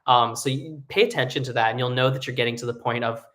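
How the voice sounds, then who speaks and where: A man who sings tenor, teaching a live singing lesson in a relaxed, explanatory way, with hummed and sung demonstrations. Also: mid-range voice, quick pace. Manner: explains casually, demonstrates hums and sung vowels.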